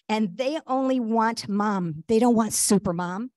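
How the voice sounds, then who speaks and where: A woman guest telling a personal story in an earnest, halting way, with frequent fillers and restarts. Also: on the high side, darkish tone, no echo, clean studio sound. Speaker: guest speaker.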